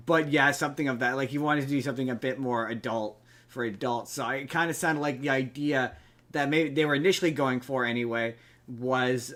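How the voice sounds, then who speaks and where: A man hosts a casual podcast conversation, with a bright, forceful tone. He chats loosely and often trails off mid-thought. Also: medium pitch. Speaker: podcast host. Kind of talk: casual chat.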